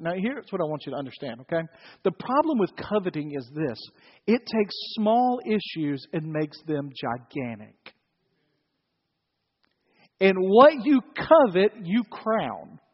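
A man preaching a sermon, telling a story with animated delivery and acting out the characters. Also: high-pitched, big-room sound, highs cut off. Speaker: pastor.

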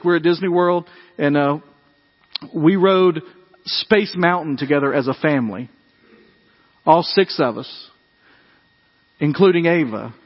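A man preaching a sermon, telling animated family stories in a conversational way and acting out the voices. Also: on the high side, big-room sound, lo-fi sound. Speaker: pastor. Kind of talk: sermon storytelling.

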